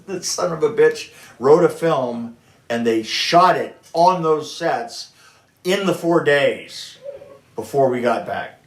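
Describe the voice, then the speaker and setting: Gravelly older man telling stories. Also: mid-range voice, animated, unhurried. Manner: tells stories with restarts, acting out what people said. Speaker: production designer guest. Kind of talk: casual anecdote telling. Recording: echoey room.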